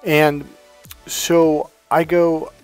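A man casually telling personal stories to camera, animated and rambling, laughing as he goes. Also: on the high side, drawn-out words, smooth, faint music behind. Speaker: spiritual coach and video host. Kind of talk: casual storytelling monologue.

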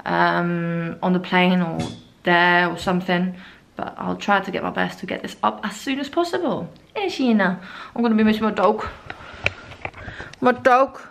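A woman's voice: fairly low pitch, moderate pace, creaky, a bit bright, slight background noise. A woman vlogging casually to a camera in her bedroom, chatty and rambling, sometimes turning to talk to her dogs. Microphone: camera set up in the room.

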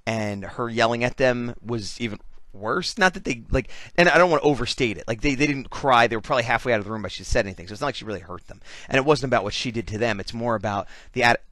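A man's voice: mid-range voice, fast talker, a bit bright, no room sound. A man giving a rambling, self-deprecating voice-over in casual conversation, hiccuping now and then. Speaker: artist and convention vendor.

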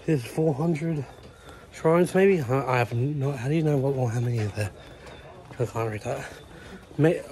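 A man's voice: medium pitch, a little mellow, a little hiss or hum. Breathless young man vlogging on a climb. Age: 20s. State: out of breath and sweating. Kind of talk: casual vlog chat to camera. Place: outdoors, climbing long shrine stairways.

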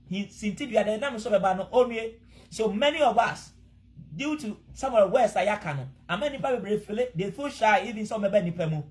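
A man with a Ghanaian accent preaching a sermon, earnest and exhorting, pleading with his listeners. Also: high voice. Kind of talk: sermon mixing Twi and English.

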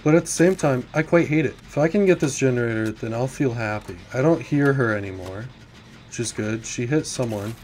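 A man on YouTube plays a horror game and comments casually, his medium-pitched voice fairly quick and a little mellow over a slight hiss or hum. He sounds jittery and nervous, going from mumbled worries to sudden swearing, at times falling to a whisper.

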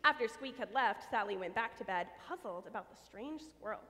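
A woman reading a children's story aloud at a church service, expressive and lively. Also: on the high side, a little fast. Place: church sanctuary. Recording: long church reverb.

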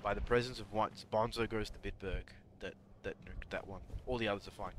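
A man's voice: fairly low pitch, steady tone, brisk, a bit bright, a little hiss or hum. A man streaming a game live, chatty and jokey, talking to his chat and taunting enemies. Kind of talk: live gameplay commentary.

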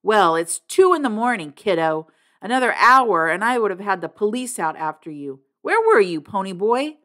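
A woman voicing a strict young man, an angry older brother who shouts and scolds in a storybook reading. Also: medium pitch, sing-song, normal speed. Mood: furious.

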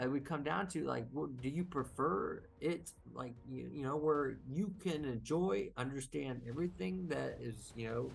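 A man's voice: on the high side, vocal fry, a bit bright. A man co-hosting a casual pop-culture debate, explaining his views thoughtfully and with many fillers. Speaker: podcast co-host.

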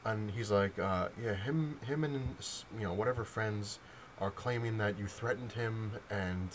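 A man's voice: on the low side, measured pace, background noise. A young man in a casual vlog, telling a long story with lots of fillers and restarts. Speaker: vlogger. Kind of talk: casual rant to camera.

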